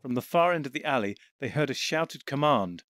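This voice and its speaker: A man narrating an audiobook in an even, steady storytelling voice on a close mic. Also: medium pitch, brisk.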